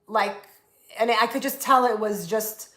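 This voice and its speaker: A woman's voice: a little high, unhurried, fairly bright tone, reverberant. A woman chatting casually on a live stream, rambling with many fillers and restarts. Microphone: phone.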